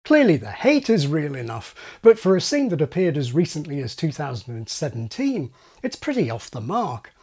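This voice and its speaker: A man's voice: fairly high pitch, huge pitch swings, moderate pace, few pauses, darkish tone, husky. A man hosting an educational video, explaining speech with wry asides. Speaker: channel host explaining speech.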